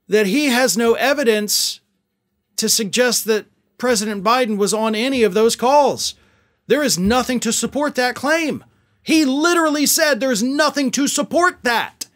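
A man's voice: high voice, fairly bright tone. A man hosting political commentary, talking in a sarcastic, mocking and exasperated way.

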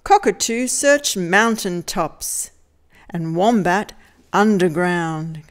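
A woman reading a picture book aloud to children in a lively, sing-song storytelling manner. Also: on the low side, slow.

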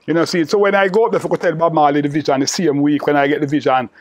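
A man's voice: a little high, fairly even intonation, rapid-fire, dry recording. An older man with a Jamaican patois accent, telling a long, rambling story to an interviewer and filling it with "you know". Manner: repetitive, peppered with "you know". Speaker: interviewee recalling old friend.

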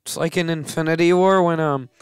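A man's voice: a little high, steady tone, fairly quick, clean tone, no echo, clean studio sound. A man hosting a game let's play, giving casual commentary that turns into melodramatic grumbling and self-mocking rants.

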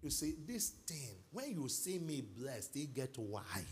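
A middle-aged Nigerian man preaching a sermon as pastor, moving from quiet asides to loud exhortation and calling for responses. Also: mid-range voice, sing-song, slow, a little hiss or hum. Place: large church hall.

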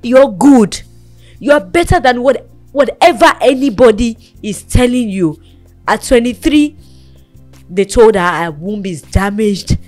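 A woman's voice: fairly high pitch, expressive, a little slow, darkish tone, faint music behind. A woman hosting a talk show, earnestly counselling and encouraging a guest in a motherly, preaching way.

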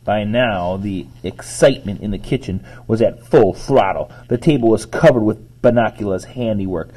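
A man reading a children's book aloud, pausing to explain words to his listeners. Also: fairly low pitch, dark tone, rough recording. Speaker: reader to children.

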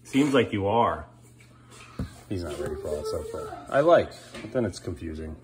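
A man's voice: sits low, sing-song, moderate pace, background noise. A father filming a home vlog, firmly repeating short commands to his child as he tidies up indoors. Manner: firm, repetitive commands to a child. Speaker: father and vlogger.

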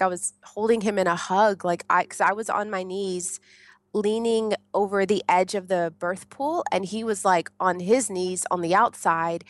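An American woman tells her story in casual, lively conversation at a mid-range pitch. She laughs often and acts out her own past shouts. Her voice sounds close and dry, with no room echo. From United States. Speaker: podcast guest telling her birth story.

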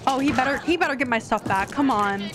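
A young woman streaming a life-sim game, chatting casually to her viewers and getting excitable. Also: high-pitched, quick pace, background noise. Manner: chatty, excitable, talks to chat. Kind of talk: casual gameplay commentary.

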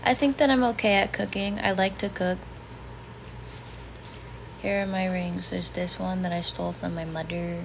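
A woman's voice: fairly low pitch, fairly even intonation, normal speed, gravelly, long pauses, noisy background. A woman in her twenties on a casual home livestream, reading chat comments aloud and reacting bluntly. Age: 20s. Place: bedroom at home.

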